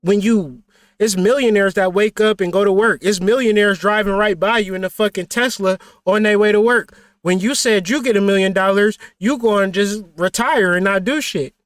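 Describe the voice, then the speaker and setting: A man's voice: high voice, normal speed, fairly bright tone, no room sound, studio quality. A man hosting a motivational livestream talk, blunt and profane, preaching with rhetorical questions. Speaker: spiritual teacher and channel host.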